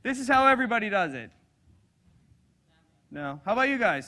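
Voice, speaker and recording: A man giving a live sales seminar to an audience, energetic and engaging, acting out personality types as he talks. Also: high-pitched, fairly quick, long pauses. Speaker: sales trainer.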